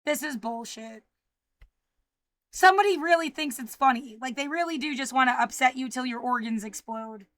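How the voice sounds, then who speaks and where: An upset, frightened woman ranting and swearing, swinging between low muttering and loud outbursts. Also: normal speed, no echo. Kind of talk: agitated personal video rant.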